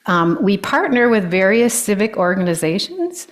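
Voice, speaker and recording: A woman, an older guest speaker giving a personal talk with stories, often pausing with ums and restarting sentences. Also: medium pitch, very animated. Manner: warm storytelling, with frequent ums and restarts.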